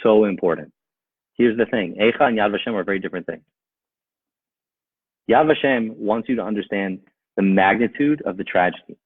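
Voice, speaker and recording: Impassioned rabbi with tinny sound. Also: male voice, on the low side, normal speed, long pauses, husky, no echo. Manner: emphatic, rhetorical questions, repeats phrases for force. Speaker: rabbi giving a talk. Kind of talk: impassioned talk to a live audience.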